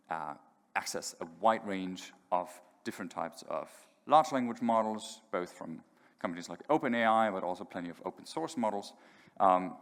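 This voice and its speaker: Guy demoing software on stage, lowish voice, lots of ums and restarts, echoey hall. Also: creaky. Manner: casual, many fillers and restarts. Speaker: conference speaker. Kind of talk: live tech demo talk. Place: large conference hall.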